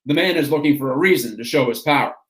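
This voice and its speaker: A man voicing a gruff older male ballplayer who gives blunt, folksy warnings. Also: mid-range voice, animated, quick pace, close to an everyday voice. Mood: cautioning. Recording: roomy echo.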